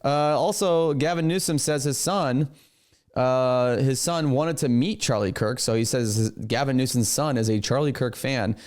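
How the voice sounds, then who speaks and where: A man hosting a reaction video in casual, animated commentary, often talking to his producer. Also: medium pitch, normal speed.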